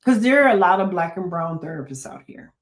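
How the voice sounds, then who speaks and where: A woman's voice: fairly low pitch, expressive, brisk. A woman therapist talking to her listeners in a preachy, folksy way, with repeated phrases, joking asides and many rhetorical questions. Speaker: therapist and podcast host. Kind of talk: solo talk to listeners.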